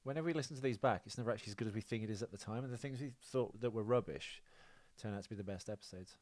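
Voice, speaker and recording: A man's voice: lowish voice, racing, darkish tone, no room sound. A man hosting a podcast in a studio on a professional mic, chatting in a joking, rambling way with restarts. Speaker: podcast host. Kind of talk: casual podcast chat. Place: studio with a sound desk.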